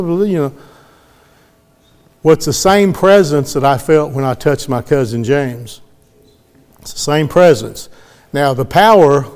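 A middle-aged preacher with a drawl tells a testimony from the pulpit in a folksy way. His voice sits a bit high for a man. He slips into the voices of the people he quotes. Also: a little mellow. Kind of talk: sermon testimony.

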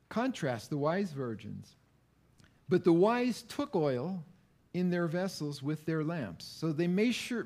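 A middle-aged male pastor preaching a sermon, slow and deliberate, asking the congregation questions. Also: fairly high pitch, a little mellow.

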